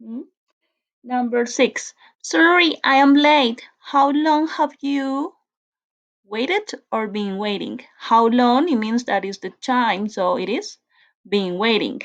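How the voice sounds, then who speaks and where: A woman's voice: a little high, slow, muffled recording. A woman whose first language is Spanish, teaching an English grammar lesson and explaining step by step with frequent self-corrections.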